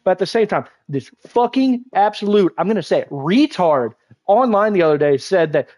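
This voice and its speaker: A young man ranting while he streams a game. His voice sits fairly high, and his rambling is heated and full of swearing and false starts. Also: lively intonation, moderate pace, darkish tone, lo-fi sound. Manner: heated, profane, rambling rant with many restarts. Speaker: gaming livestreamer. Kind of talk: ranting live-stream commentary while gaming. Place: at home at a game console.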